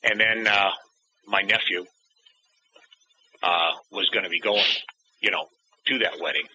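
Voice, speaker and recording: A man's voice: low-pitched, a little slow, sharp tone, slightly rough. A middle-aged man, a guest in an interview, telling a personal story and acting out the dialogue he remembers. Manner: acts out remembered dialogue in changing voices. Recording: dull lo-fi audio.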